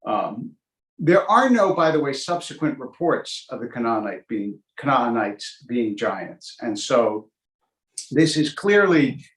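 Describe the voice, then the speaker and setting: A rabbi teaches an informal Torah class, speaking in a loose, conversational way full of ums and uhs. He slips in dry, sarcastic jokes as he goes. His mid-pitched voice rings out in a noticeably echoey room. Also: very animated, slow. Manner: dry, joking asides with many fillers. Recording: roomy echo.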